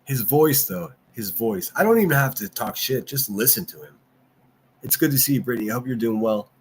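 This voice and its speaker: A man's voice: mid-range voice, animated, brisk. Male livestream host, profane ranting commentator, mid-range voice, faint background noise. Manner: reads and answers chat.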